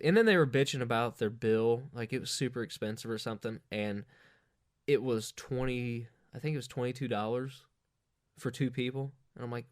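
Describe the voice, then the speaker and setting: A man's voice: mid-range voice, moderate pace, dry recording, clean studio sound. A man hosting a comic monologue, ranting in a crude, profane, rambling way. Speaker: host.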